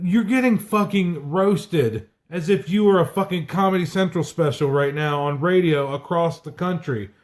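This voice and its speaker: A man from South Carolina ranting about baseball on a podcast, heated and swearing constantly. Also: a little high. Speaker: podcast co-host. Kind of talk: profane sports rant.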